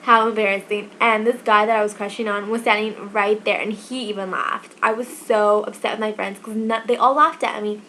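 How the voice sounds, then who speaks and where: A woman of twenty-one telling personal stories in a chatty, animated vlog, acting out quoted dialogue as she goes. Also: medium pitch, brisk, hardly any pauses, a little hiss or hum. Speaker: vlogger. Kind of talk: casual storytelling vlog.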